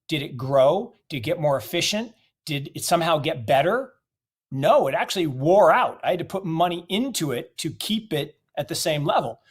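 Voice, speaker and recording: A middle-aged man from the United States answers an interviewer's questions with a slightly high voice. He is blunt and emphatic and piles up rhetorical questions to drive his point home. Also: husky. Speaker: investment guest.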